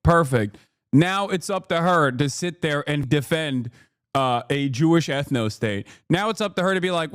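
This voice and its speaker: A man's voice: fairly high pitch, animated, moderate pace, a bit bright, clear, resonant tone, no room sound, studio quality. A man hosting a reaction stream, ranting with sarcasm and profanity in casual commentary. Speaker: streamer host.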